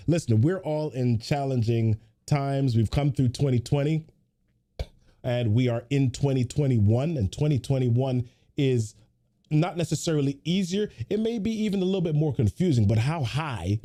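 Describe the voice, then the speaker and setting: A man's voice: mid-range voice, animated, unhurried, mellow. A man hosting a weekly motivational livestream, giving a pep talk full of repeated rhetorical questions and chatty greetings to viewers.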